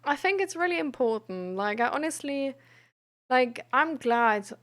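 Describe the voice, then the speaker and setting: A woman streamer and peer support coach, chatting frankly and reflectively with her audience, pausing often with fillers. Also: high-pitched, lively intonation, fairly bright tone. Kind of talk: casual live-stream chat about mental health.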